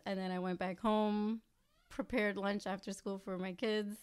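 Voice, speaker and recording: A woman's voice: medium pitch, level tone, unhurried, smooth. Chatty woman podcast guest, laughing often. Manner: laughs often, acts out quotes. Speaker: podcast guest, spa owner. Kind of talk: casual podcast chat.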